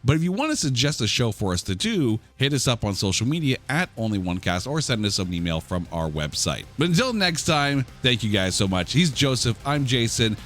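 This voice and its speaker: A man hosting a podcast in casual chat, enthusiastic and animated, with mild swearing. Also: mid-range voice, fairly quick, hardly any pauses, faint music behind. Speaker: podcast host.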